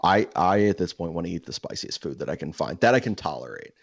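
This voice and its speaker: A man co-hosting a casual chat, telling rambling, profane anecdotes in an animated way. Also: low voice, fast talker, gravelly, slightly rough, no echo, dull audio. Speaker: podcast co-host.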